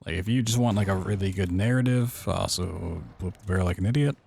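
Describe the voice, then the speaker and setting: A young man casually chatting to his viewers while speedrunning a game, relaxed and playful. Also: deep voice, brisk, vocal fry, slight background noise. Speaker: speedrunning streamer. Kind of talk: casual live-stream commentary while playing.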